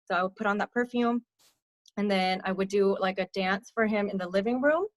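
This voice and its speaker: A young adult woman giving a candid personal testimony as a podcast guest, speaking softly with many fillers and letting her voice sink on the hardest parts. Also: a little fast, no echo. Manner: soft-spoken, frequent fillers, drops low on hard parts. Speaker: podcast guest, abuse survivor mentor.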